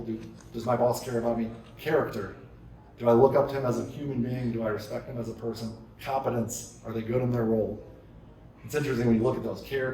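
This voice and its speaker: Fast-talking male speaker in an echoey hall. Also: mid-range voice, slight background noise. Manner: energetic storytelling with rhetorical questions. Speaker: keynote speaker. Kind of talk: live presentation to an audience. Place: large conference hall. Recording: echoey hall, distant mic.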